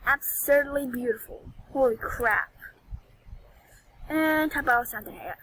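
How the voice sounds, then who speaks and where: Woman vlogger, high voice, unhurried delivery; theatrical, excitable gameplay commentary. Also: a little hiss or hum, low-quality recording. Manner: dramatic, squeals and whines over items. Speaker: gaming vlogger.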